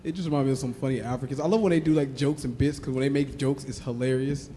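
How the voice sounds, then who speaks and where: A man co-hosting a comedy podcast, talking in an animated way and laughing often. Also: medium pitch, fast, a little hiss or hum. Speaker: podcast co-host. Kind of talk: casual chat.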